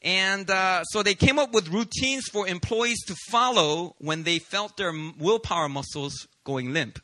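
A male pastor preaching a sermon, telling stories about himself with humor in an animated way. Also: sits high, unhurried, no room sound. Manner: animated, confessional storytelling with humor.

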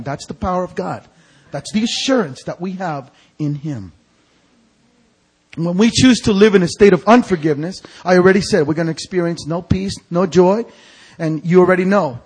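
A male pastor preaching an evangelical sermon in a church sanctuary. He quizzes the congregation with fill-in-the-blank questions and swings from hushed to shouted. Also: a little high, normal speed, husky, poor audio.

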